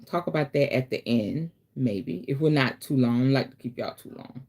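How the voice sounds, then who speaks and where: A woman hosting a casual teaching stream, talking straight to her viewers in a chatty way and breaking into dramatic, animated asides. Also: extremely low pitch, moderate pace, husky. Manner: chatty, addresses viewers directly. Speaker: host, spiritual teacher.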